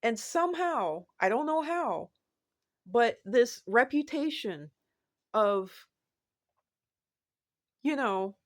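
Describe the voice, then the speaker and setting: A woman vlogger talking casually to the camera, rambling and repeating herself, with sudden animated rises in her voice. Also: fairly high pitch, takes it slowly, long pauses. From United States.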